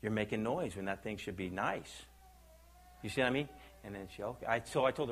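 An older man, a pastor, preaching a sermon with animated storytelling and acted-out quotes. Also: medium pitch, fast.

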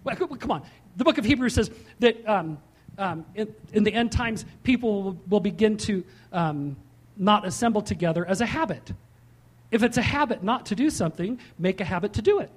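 A man preaching a sermon as pastor, slowing down to stress key points and dropping into chatty storytelling. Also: high-pitched, lively intonation, husky. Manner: emphatic, slows and rises for key points, then drops into chatty storytelling.

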